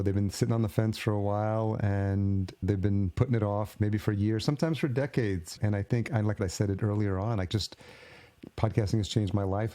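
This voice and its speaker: A man hosting a podcast, asking long, rambling questions and warmly thanking his guest. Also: on the low side. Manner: warm, rambling, appreciative questions. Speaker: podcast host. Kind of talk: casual interview.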